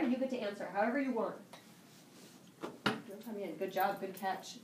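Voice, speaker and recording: A woman teaching a high school Spanish class, upbeat and encouraging, quick to praise her students. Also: background noise. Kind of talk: classroom lesson. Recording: echoey classroom from a distance.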